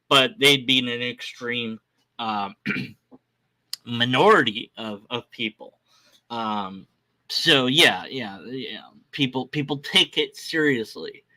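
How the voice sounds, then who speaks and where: A man's voice: mid-range voice, pushed and bright. A man talking in a rambling, casual vlog monologue, full of fillers and restarts, with sarcastic mock quotes. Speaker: vlogger.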